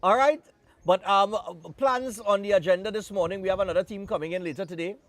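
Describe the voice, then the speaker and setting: A Trinidadian man from Trinidad and Tobago hosts a live morning TV show, chatting and joking on air with loose Caribbean phrasing. His voice is high-pitched and a little fast, with no room sound.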